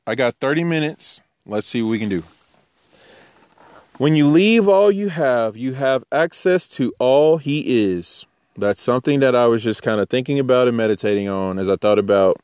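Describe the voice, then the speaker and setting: Male preacher, informal and animated, dry close mic. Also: medium pitch, smooth, no room sound. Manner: animated, jokey, acts out voices. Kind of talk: informal sermon.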